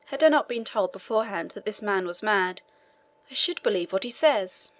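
A woman's voice: medium pitch, lively intonation, moderate pace, close to an everyday voice. A woman reading a dry, impatient prison inspector.

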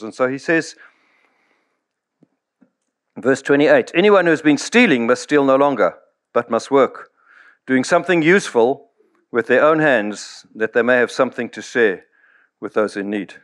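A man's voice: medium pitch, animated, moderate pace, pauses often. A middle-aged man, preaching a sermon in a storytelling way and acting out quoted voices. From South Africa. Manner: storytelling, acts out quoted voices, chuckles often. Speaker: pastor.

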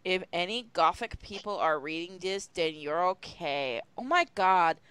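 Profane, animated woman reading with friends. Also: lowish voice, measured pace, smooth, no room sound. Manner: profane, laughing, teasing. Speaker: group reader. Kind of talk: casual group reading of a fan story.

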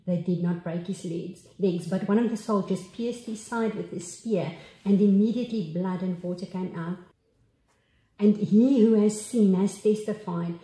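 A woman's voice: medium pitch, warm tone. Reverent woman pastor in an echoey room. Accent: South African. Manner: unhurried, reverent reading with pauses and restarts. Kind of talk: sermon reading scripture.

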